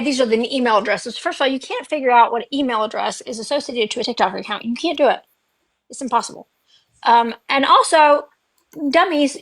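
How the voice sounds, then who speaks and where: A woman's voice: a little high, fairly bright tone, no echo, low-quality recording. A woman on a livestream, ranting in a heated, profane way. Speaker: livestream guest. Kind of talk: casual chat.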